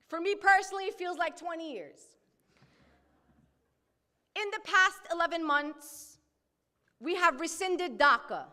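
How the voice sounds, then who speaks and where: A woman's voice: high voice, sharp tone. A woman in her thirties with a Brooklyn accent, giving an impassioned political speech at a banquet. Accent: New York. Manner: bold, impassioned, outspoken. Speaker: keynote speaker at a banquet. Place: banquet hall. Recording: long hall reverb.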